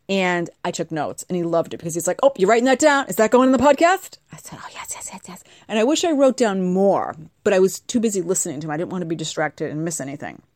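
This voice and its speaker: A woman's voice: on the low side, warm tone, dry recording, studio quality. A middle-aged woman hosting a podcast, chatting casually and telling a story with acted-out quotes. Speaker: podcast host. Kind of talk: casual monologue.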